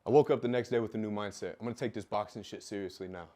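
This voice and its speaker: A young adult man speaks very fast in a fairly low, mellow voice with fairly even intonation while telling his life story. The story is raw and emotional, packed with profanity and emphatic repetition.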